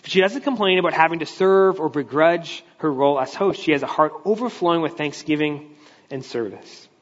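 A fairly high-voiced man preaching in a big church, talking through the text in an easygoing, explanatory way and often restarting his sentences. The sound rings with long reverb from the hall and is somewhat dull and muffled. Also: moderate pace. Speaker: pastor. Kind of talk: conversational sermon.

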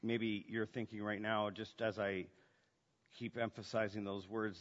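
A man preaching a sermon, shifting between hushed, intimate lines and loud, emphatic ones. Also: on the low side, flat delivery, a little slow. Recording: dull sound with long hall reverb.

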